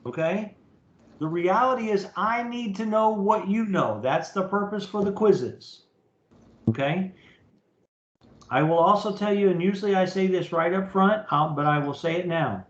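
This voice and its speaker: Teaching an online class, a professor with a high voice talks at normal speed, casually guiding students through the work step by step and asking "okay?" over and over to check they follow. His computer mic in the video meeting gives a roomy, somewhat dull, lo-fi sound.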